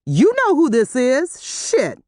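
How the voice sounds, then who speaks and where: A woman narrator voicing a furious woman who demands answers in a sharp, angry voice. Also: high-pitched, wildly swooping pitch, slow pace, dry recording, studio quality, voice pushed up, full character voice. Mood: demanding. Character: furious woman confronting a cheating boyfriend.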